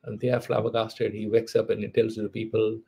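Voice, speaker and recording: A man's voice: lowish voice, flat delivery, fairly quick, gravelly, warm tone, breathy edge. A man giving a lecture on spiritual philosophy, telling a story in a conversational way, with frequent "you know" asides and restarts. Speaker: spiritual teacher.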